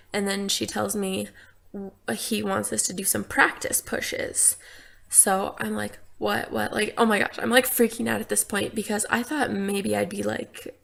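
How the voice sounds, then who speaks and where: A woman's voice: mid-range voice, creaky, a bit bright. A young woman vlogger casually telling a personal story, chatty and full of "like" fillers.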